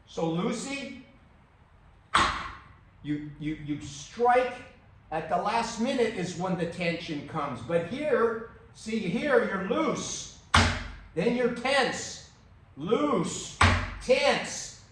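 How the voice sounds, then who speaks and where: A man teaching striking technique in a casual demonstration, loose and emphatic, punctuating moves with "boom" and "bam", recorded on a camera mic at a distance. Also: sing-song, takes it slowly, long pauses, heavy background noise. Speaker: martial arts instructor. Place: room, filmed on own camera. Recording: very echoey room, voice off-mic.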